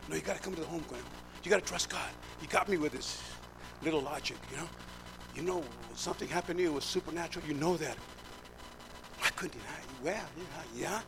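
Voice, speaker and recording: High-pitched middle-aged male preacher, emphatic testimony, steady hum behind him. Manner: emphatic storyteller, acts out dialogue. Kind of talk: sermon testimony. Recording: clear background hum.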